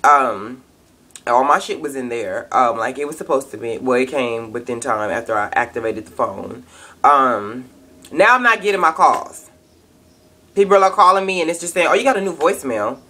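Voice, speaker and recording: A woman's voice: rumbling low, moderate pace, sharp tone. A young woman, ranting angrily and profanely in a casual webcam vlog. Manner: angry, profane, emphatic ranting. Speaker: vlogger.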